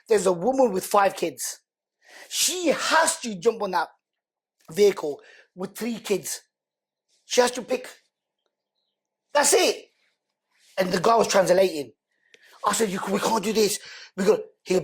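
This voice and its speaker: Husky guy on a podcast, animated storytelling, does everyone's voices. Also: high voice, measured pace, long pauses. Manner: animated, acts out other people's lines. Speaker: podcast guest. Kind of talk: emotional storytelling in conversation.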